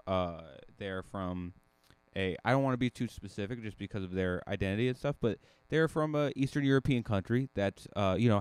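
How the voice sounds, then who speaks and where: Man, podcast host, casual rambling monologue, smooth voice, dry close mic. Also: no room sound. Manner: rambling, self-correcting storyteller with lively jumps in pitch.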